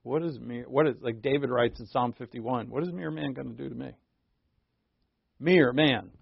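A man's voice: mid-range voice, normal speed, gravelly, breathy edge, no room sound, muffled recording. A man preaching a sermon in a conversational way, often breaking off and restarting with playful asides. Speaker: pastor.

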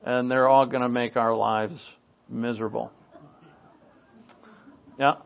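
A man's voice: mid-range voice, flat delivery, takes it slowly, creaky. New england guy preaching, chatty and dry-humored, sounds like it's over a phone. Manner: conversational and wry, with asides and dry jokes. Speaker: pastor. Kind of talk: Bible teaching sermon. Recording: tinny phone-like recording.

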